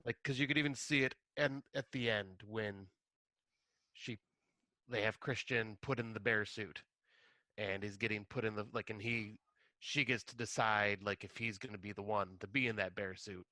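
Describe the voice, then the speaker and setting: Easygoing male co-host; bright, forceful tone, dry recording. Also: lowish voice, steady tone, moderate pace, dry recording. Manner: agreeable, hedging, acts out dialogue in a raised voice. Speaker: podcast co-host. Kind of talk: casual chat.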